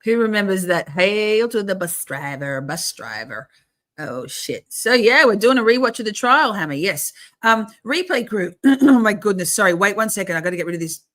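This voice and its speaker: A middle-aged woman hosting a casual livestream, chatty and swearing, often clearing her throat and restarting. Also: mid-range voice, expressive, brisk, fairly bright tone. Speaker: livestream host.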